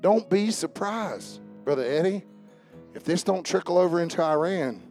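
A pastor delivers a sermon in a somewhat high voice. He moves between fervent shouting and quiet, earnest calls to prayer. A guitar plays faintly behind him. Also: expressive, moderate pace. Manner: shouting, fervent preaching that drops to a hushed prayer.

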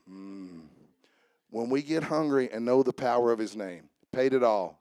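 A pastor preaches a sermon in a medium-pitched, slightly dark voice at an unhurried pace. With rising fervor, he poses questions to the congregation and answers them himself in call-and-response fashion. The recording is dry and clean, studio quality.

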